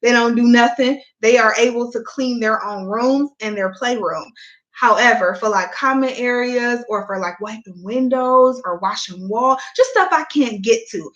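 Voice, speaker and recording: A woman's voice: a little high, fairly bright tone, dull audio. A young woman chatting candidly to her viewers at home, a mom vlogging in casual Southern-style speech. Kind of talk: casual chat.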